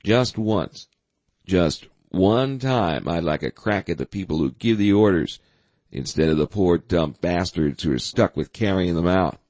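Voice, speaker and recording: A man doing a blunt, forceful navy admiral. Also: deep voice, lively intonation, a little slow, no room sound. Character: tough blunt male navy admiral, middle-aged.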